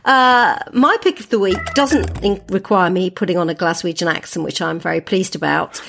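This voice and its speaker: A woman co-hosting a podcast, telling a news story in a relaxed, thoughtful way. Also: fairly low pitch, moderate pace, vocal fry, slight background noise. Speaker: podcast co-host. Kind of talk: casual chat.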